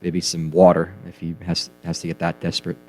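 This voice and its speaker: A man co-hosting a comedy news radio show, reading stories and giving dry, deadpan reactions. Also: deep voice, brisk, soft background music.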